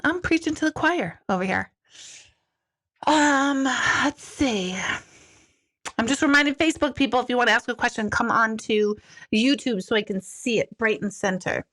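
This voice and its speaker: A middle-aged woman, a spiritual medium, chatting casually on a livestream and reading out viewer comments, animated and self-deprecating. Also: fairly high pitch, normal speed. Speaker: spiritual medium hosting a live Q&A.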